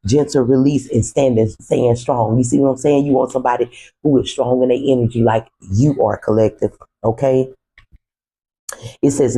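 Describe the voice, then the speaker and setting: A man reads tarot cards in a loose, conversational way. His voice is gravelly and husky. He sounds relaxed and talks straight to his viewers. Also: mid-range voice, normal speed, low-quality recording. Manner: relaxed, conversational, speaks to viewers as "you" and "the collective". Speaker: tarot reader. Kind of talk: casual spoken tarot reading.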